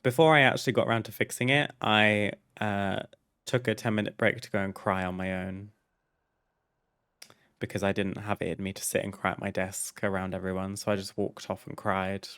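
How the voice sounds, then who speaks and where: A man with a fairly low voice talks over his gameplay, easygoing and frank. He drifts through a long personal story, laughing now and then and not minding a swear word. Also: fairly even intonation, normal speed, fairly bright tone, clean tone. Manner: chatty, candid, laughs and swears freely. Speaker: streamer.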